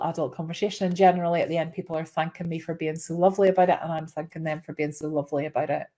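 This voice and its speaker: A Scottish woman in her thirties giving casual side-hustle advice, chatty and animated, acting out the people in her stories. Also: lowish voice. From Scotland. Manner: chatty, animated storyteller, acts out quoted voices. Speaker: small business vlogger.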